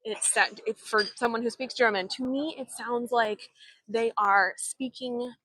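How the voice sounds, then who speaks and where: Young woman, tour guide, outdoor walking tour, handheld phone, slow unhurried talk, halting and chatty. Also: a little high, fairly even intonation, fairly bright tone, dry recording. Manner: chatty, halting with frequent restarts and fillers. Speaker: travel vlogger and tour guide. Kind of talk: live walking tour stream. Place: outdoors in an old town street.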